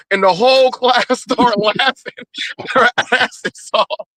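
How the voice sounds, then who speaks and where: A man's voice: very high-pitched, fairly even intonation, takes it slowly, bright, forceful tone, no echo. A man from Southern California joking around in a slangy, casual chat. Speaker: guest.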